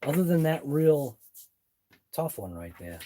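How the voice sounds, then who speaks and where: A man's voice: on the high side, big pitch swings, unhurried, warm tone, slight background noise. A man hosting a live RC car workshop stream, thinking aloud as he wrenches in his garage. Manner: muttering thoughts aloud as he works. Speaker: RC hobby channel host.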